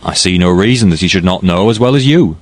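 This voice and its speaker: A man's voice: sits low, lively intonation, fast, no room sound. A man voicing a stern, practical woman servant in an audiobook, speaking bluntly and reprovingly. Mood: reproachful. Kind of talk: audiobook character reading.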